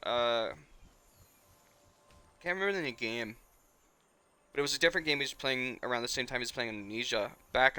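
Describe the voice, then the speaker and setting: A man's voice: mid-range voice, sharp tone, clean tone. A man in his twenties, a streamer, chatting casually and emotionally in a rambling way and swearing often. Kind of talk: casual nostalgic chat.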